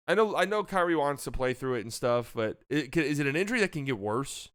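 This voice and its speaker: A man's voice: medium pitch, expressive, fast talker, few pauses, a bit bright, clear, resonant tone, no room sound, clean studio sound. A young man hosting a casual basketball talk show, ranting with exasperation and repeating himself. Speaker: sports podcast host.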